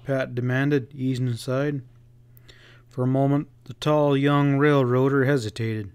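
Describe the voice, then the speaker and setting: A man narrating a Western novel as an audiobook in a measured, unhurried storytelling voice on a close mic. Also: medium pitch, fairly even intonation, a little mellow, clear, resonant tone, no echo.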